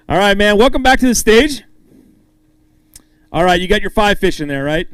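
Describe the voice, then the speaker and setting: Upbeat guy emceeing a bass weigh-in, high voice, dry sound. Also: expressive, fairly quick, clean tone, dry recording. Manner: upbeat, hypes each angler and jokes with them. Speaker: tournament emcee. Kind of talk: live weigh-in announcing.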